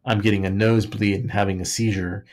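A man on a podcast, one of its co-hosts, rattles quickly through a history topic with jokes and tangents, often saying "like" and starting over. His delivery is flat, his voice fairly low and darkish.

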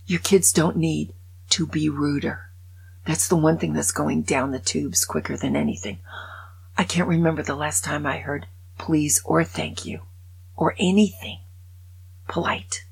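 An older woman hosting a talk show, giving wry, indignant opinions and dropping into breathy whispered asides. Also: low voice, animated, a little slow, rough recording. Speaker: podcast host. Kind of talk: opinionated casual monologue.

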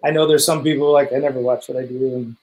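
A man's voice: mid-range voice, quick pace, rough recording. A young adult man, a stunt performer, chatting casually in an interview and acting out the people he quotes. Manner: animated storyteller, acts out quotes.

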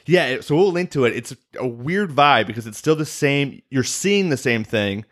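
A man's voice: medium pitch, animated, normal speed, a bit bright. A man co-hosting a podcast in casual chat, rambling and laughing often. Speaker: podcast co-host.

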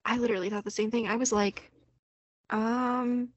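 A woman's voice: a little high, flat delivery, moderate pace, highs cut off. A woman co-hosting a podcast, chatting playfully about a movie with exaggerated agreement. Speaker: podcast co-host. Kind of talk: casual movie review chat. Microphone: remote podcast mic, no camera.

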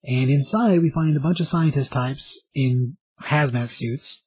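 A man rambling through a comic book recap, stacking up fillers and restarting his sentences. His voice is husky and a little rough. The sound is dry and close, with no room echo. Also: medium pitch, measured pace, darkish tone.

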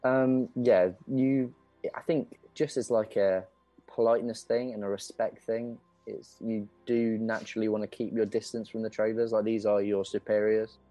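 A man's voice: fairly low pitch, flat delivery, normal speed, mellow, no echo, soft background music. Casual man running a tabletop game. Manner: casual, filler-heavy, laughs often. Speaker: game master.

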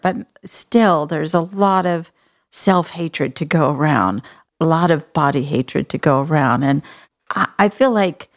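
Gravelly woman host. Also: fairly low pitch. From Texas. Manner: earnest, folksy, compassionate. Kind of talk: casual conversation.

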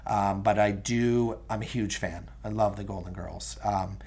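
A man's voice: fairly low pitch, fairly even intonation, measured pace, a little mellow. A young man hosting a solo podcast, chatting casually and enthusiastically with many ums and asides to his listeners. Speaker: podcast host.

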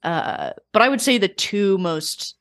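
A woman talking casually on a podcast, telling personal stories in a reflective, animated way with many fillers. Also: medium pitch, measured pace, dry recording. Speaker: guest.

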